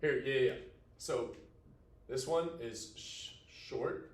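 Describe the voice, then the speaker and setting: A man's voice: mid-range voice, slow pace, reverberant. Casual man teaching a Latin class. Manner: casual and animated, talks to students as "dude" and "y'all". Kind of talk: classroom lecture.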